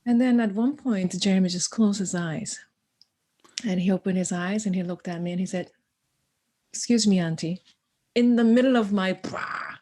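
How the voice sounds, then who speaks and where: Animated woman telling a story as a guest. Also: mid-range voice, moderate pace. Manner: animated, acts out dialogue, laughs often. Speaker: podcast guest, educator. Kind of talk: conversational storytelling.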